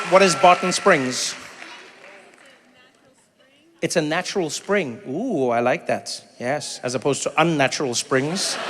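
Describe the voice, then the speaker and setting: Animated man doing stand-up in a hall. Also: a little high, background noise. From South Africa. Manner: animated storytelling, acting out voices. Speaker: stand-up comedian. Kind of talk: stand-up comedy with crowd work. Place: large theater stage. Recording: reverberant hall with faint ambience.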